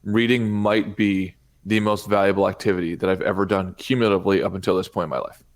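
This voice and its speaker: Earnest, low-voiced male podcast co-host. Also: flat delivery, quick pace. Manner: agreeable, earnest, frequent short affirmations. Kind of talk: casual podcast chat.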